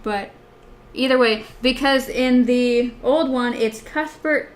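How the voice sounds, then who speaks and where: A woman's voice: on the high side, slow pace. A woman co-hosting a book podcast in casual chat, hesitant with many fillers as she compares text versions. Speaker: podcast co-host.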